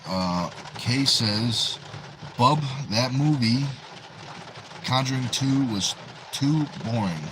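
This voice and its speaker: A man's voice: medium pitch, expressive, slow pace, background noise. A man with a New England accent hosting a livestream, casually reading viewers' chat messages aloud and answering them. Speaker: livestream host.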